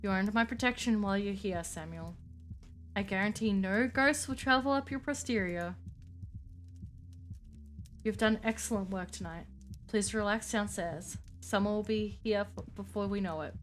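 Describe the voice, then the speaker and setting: A woman voicing a gracious elder vampire patron who speaks formally and in a measured way. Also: mid-range voice, faint music behind, close to an everyday voice.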